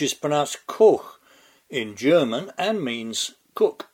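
Sardonic older English man, slightly high. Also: very animated, takes it slowly, pauses often, a little mellow. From England. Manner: sardonic, mocking. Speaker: political commentator. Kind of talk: scripted monologue commentary.

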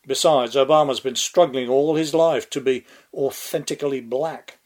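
A man's voice: mid-range voice, steady tone, moderate pace, darkish tone. An older man with an English accent delivering a sardonic, mocking scripted commentary monologue. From England. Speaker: political commentator.

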